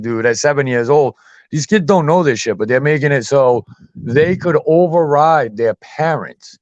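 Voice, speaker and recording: A man's voice: mid-range voice, dry recording. Blunt, profane man in casual chat. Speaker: podcast host. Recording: dull muffled dry sound.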